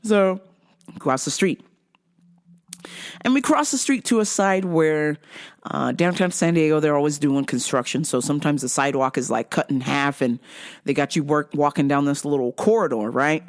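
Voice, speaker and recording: A woman's voice: deep voice, moderate pace. A middle-aged woman vlog host telling a story casually, with lots of swearing, who acts out what people said. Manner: animated, profane, acts out quotes.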